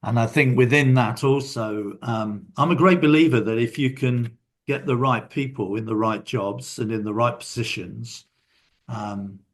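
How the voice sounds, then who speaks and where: A man's voice: mid-range voice, fairly even intonation, a little slow. Older man telling reflective anecdotes. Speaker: guest. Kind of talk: casual interview chat.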